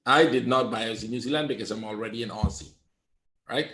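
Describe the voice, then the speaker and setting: A man's voice: mid-range voice, fast talker, fairly bright tone, roomy sound. A man running a live trading webinar, lecturing bluntly and often asking "right?" to check that his listeners follow. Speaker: trading coach.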